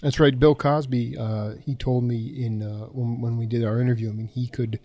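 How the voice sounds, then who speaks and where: A man's voice: mid-range voice, steady tone, moderate pace, mellow. A man hosting a radio interview, asking earnest questions with restarts. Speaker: radio show host.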